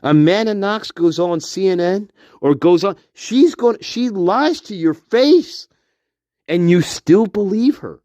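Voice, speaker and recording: High, lively man ranting on lo-fi audio. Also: takes it slowly, no echo. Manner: profane, repetitive, accusatory. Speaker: true-crime commentator. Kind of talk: angry solo rant to camera. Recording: dull lo-fi dry recording.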